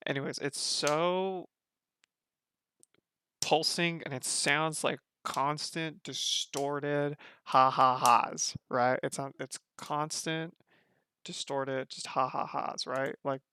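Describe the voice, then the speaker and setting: Man, streamer, excitable, slangy, gravelly, sharp bright tone, casual live commentary. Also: a little high, slow, a little hiss or hum. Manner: excitable, gushing, slangy, repeats himself.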